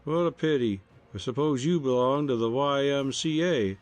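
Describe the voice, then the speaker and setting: A man's voice: mid-range voice, normal speed, voice pushed up, natural voice. A man doing a snarling, sulky young tough. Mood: surly. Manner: snarling, sneering. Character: sulky, surly young male messenger.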